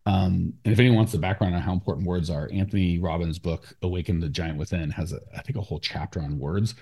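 A man hosting a podcast, coaching a client in a blunt, animated way. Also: deep voice, fast talker, creaky, slightly rough. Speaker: business coach and podcast host. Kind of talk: casual coaching talk.

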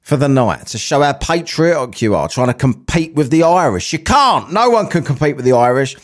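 A man's voice: medium pitch, big pitch swings, normal speed. A man hosting a podcast, reading out a news article and chatting casually with plenty of swearing and banter. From England. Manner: sweary, banter-filled, laughs at his own jokes. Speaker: podcast host.

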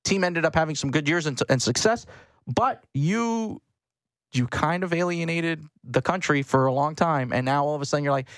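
A man's voice: fairly high pitch, expressive, moderate pace, dry recording. A man co-hosting a sports radio show, giving a mocking, opinionated take. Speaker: radio co-host.

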